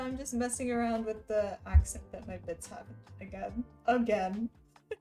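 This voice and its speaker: A woman's voice: a little high, moderate pace, mellow, faint music behind, poor audio. Chatty laughing woman streamer. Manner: chatty, rambling, laughs often. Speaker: live streamer. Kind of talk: casual chat.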